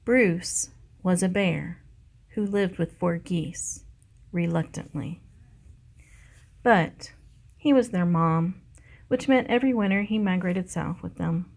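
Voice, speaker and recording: A librarian reading a children's picture book aloud in a slow, clear way. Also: female voice, lowish voice, darkish tone.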